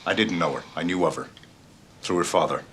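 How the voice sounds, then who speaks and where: A man's voice: sits low, a little fast, fairly bright tone. An actor playing a suave, secretive male agent with a sly, teasing way of talking, in a television drama. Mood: guarded. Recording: noisy TV soundtrack.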